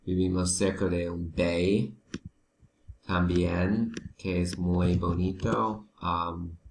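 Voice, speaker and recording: A man teaching a slow, patient vocabulary lesson who switches into Spanish to help his learners. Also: low-pitched, flat delivery, reverberant, a little hiss or hum.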